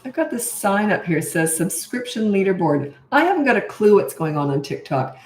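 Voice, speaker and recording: A woman's voice: medium pitch, big pitch swings, fairly quick, a little hiss or hum. A middle-aged woman from Canada, a parenting coach answering viewer questions in a blunt, matter-of-fact casual chat. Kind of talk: casual livestream Q&A. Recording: echoey room.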